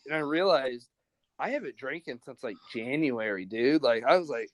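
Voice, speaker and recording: A man's voice: on the high side, lively intonation, brisk, a bit bright. A young man hosting a podcast, telling stories in a rambling, profane, casual way. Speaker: podcast host. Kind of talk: casual chat.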